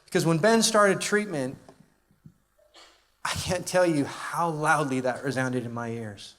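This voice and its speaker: A man's voice: fairly high pitch, measured pace, fairly bright tone. A man speaking at a conference, telling a personal testimony in a conversational, emotional way with many fillers, into a stage microphone. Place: large live conference venue. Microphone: handheld or stage microphone.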